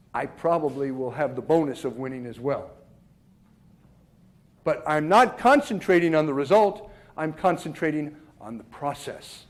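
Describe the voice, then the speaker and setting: A man with a high voice teaching the mental side of tennis. He talks emphatically, answers his own rhetorical questions and stumbles into repeated words as he restarts. He sounds middle-aged. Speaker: tennis coach. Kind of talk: instructional talk on mental game.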